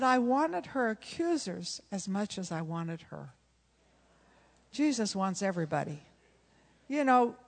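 A woman, a pastor's wife, preaching a sermon and telling stories, acting out the dialogue and often laughing. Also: mid-range voice. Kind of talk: sermon with storytelling. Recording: long reverb of a large hall.

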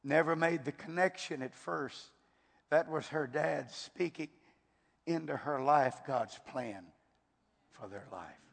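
A man's voice: a little high, takes it slowly, gravelly. An older man from Texas with a Texan accent, preaching a fervent sermon and often repeating his words. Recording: long hall reverb.

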